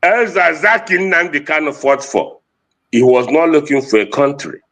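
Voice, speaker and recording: A man's voice: fairly high pitch, normal speed, fairly bright tone. A man from Nigeria with an Igbo-accented English, giving an impassioned political speech and switching between Igbo and English. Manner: fervent, mixes Igbo and English, repeats phrases. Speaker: activist speaker.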